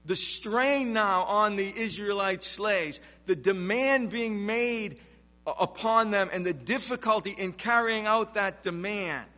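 Slow, bright-voiced man preaching emphatically. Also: high voice, in a large hall. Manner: emphatic preaching with rhetorical questions. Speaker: pastor. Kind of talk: expository sermon.

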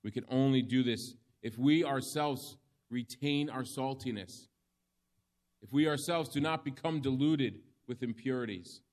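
A man preaching a sermon, reading scripture in slow, measured phrases with emphatic pauses. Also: medium pitch, darkish tone.

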